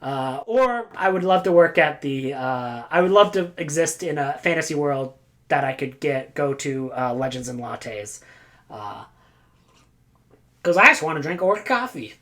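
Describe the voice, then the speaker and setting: A woman's voice: low-pitched, expressive, measured pace, fairly bright tone. A woman chatting casually as a book vlogger, rambling with goofy asides, silly sound effects and lots of filler words. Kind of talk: casual chat.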